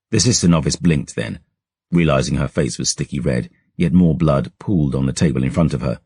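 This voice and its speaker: A man narrating a dark fantasy audiobook in a measured, brooding storytelling manner, close to a studio mic. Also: a bass voice, breathy edge, dry recording.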